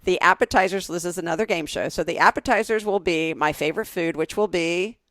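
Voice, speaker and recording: A woman's voice: lowish voice, fairly quick, a bit bright, no echo, studio quality. A woman in her forties co-hosting a podcast, telling rambling stories in casual chat with lots of restarts. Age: 40s. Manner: chatty storyteller with many restarts. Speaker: podcast co-host.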